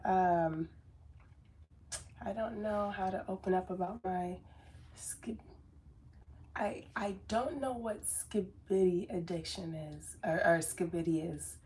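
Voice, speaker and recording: A woman's voice: lowish voice, slow, long pauses, darkish tone. A woman giving an earnest, rambling motivational talk as a business coach, with many fillers and restarts. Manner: self-described very sensitive. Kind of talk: casual motivational talk to camera.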